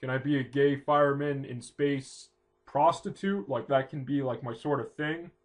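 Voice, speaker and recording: A man voicing a naive, excitable eleven-year-old boy who asks eager questions. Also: medium pitch, moderate pace, natural voice.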